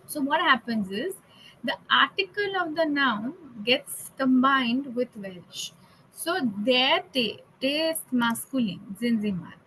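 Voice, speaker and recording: A woman's voice: high voice, a bit bright, a little hiss or hum, low-quality recording. A woman teaching a German class online, explaining grammar patiently in English and German and often checking with "okay". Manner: switches between English and German.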